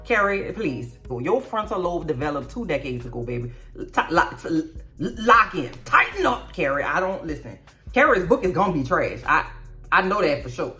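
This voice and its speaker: A woman's voice: low-pitched, big pitch swings, normal speed, pushed and bright, faint music behind. A woman hosting a casual show recap, blunt and profane, with mocking asides. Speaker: YouTube recap host. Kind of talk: casual reaction commentary.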